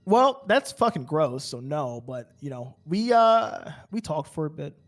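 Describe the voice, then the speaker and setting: On a game server, a man roleplays and tells an in-character story in casual, rambling chat packed with fillers and stammered restarts. His voice sits on the high side, very animated, and moves a little slowly.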